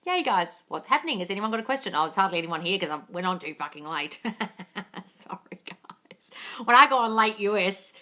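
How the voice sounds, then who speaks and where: A woman's voice: mid-range voice, expressive, a little fast, sharp tone. A woman coach chatting casually on a live phone stream, greeting viewers and swearing freely. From England. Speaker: manifesting coach.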